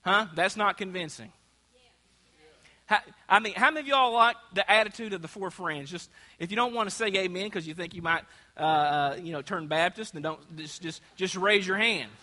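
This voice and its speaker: A man's voice: high-pitched, normal speed, bright, forceful tone. A man preaching a sermon in a church, asking the congregation to call out answers. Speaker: pastor. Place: church sanctuary. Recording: long church hall reverb.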